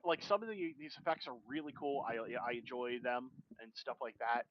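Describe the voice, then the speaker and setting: A man's voice: mid-range voice, expressive. Man casually narrating a comic. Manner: loose, halting narration with fillers and repeats. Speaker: streamer. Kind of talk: casual comic read-aloud. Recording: dull lo-fi stream mic with faint noise.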